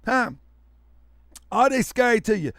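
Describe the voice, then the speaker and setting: A loud, hyperactive man hosting a livestream, talking to his viewers as family and repeating himself for emphasis. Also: extremely high pitch, lively intonation, unhurried, dry recording, clean studio sound. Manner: preachy, calls listeners family. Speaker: online show host.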